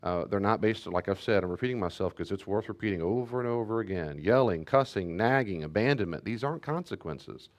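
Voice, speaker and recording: Low-voiced pastor teaching in plain talk. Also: male voice. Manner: conversational, repeats key points, restarts sentences.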